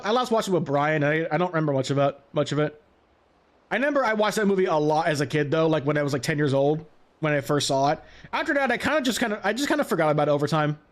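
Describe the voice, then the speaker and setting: Man in his late twenties, let's play commentary, chatty and rambling, slightly higher voice. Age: late 20s. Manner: rambling and chatty, self-correcting. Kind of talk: casual gameplay commentary.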